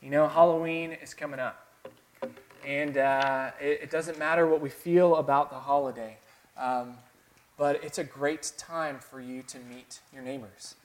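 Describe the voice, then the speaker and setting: Southern pastor type, mid-pitched man, earnest sermon delivery with soft lows and emphatic builds. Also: fairly even intonation, a little slow. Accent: Southern American. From American South. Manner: earnest, dramatic swings between soft and emphatic.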